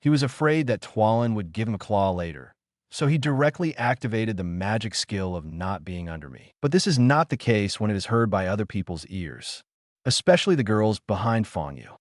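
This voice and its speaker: A man's voice: fairly low pitch, animated, normal speed, no echo, clean studio sound. A man narrating an audiobook novel, reading every character in the same voice. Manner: reads all characters in one voice with few changes. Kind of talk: scripted narration.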